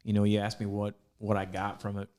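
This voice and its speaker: A man's voice: lowish voice, completely flat delivery, fairly quick, warm tone. A man speaking earnestly on a casual podcast, thanking his coaches and praising college athletes. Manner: earnest, laughs along, heartfelt thanks.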